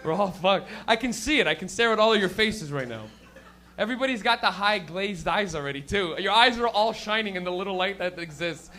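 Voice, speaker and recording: A man's voice: sits high, expressive, brisk, bright, forceful tone. A young man doing stand-up, loose and profane, working and teasing the crowd. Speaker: stand-up comedian.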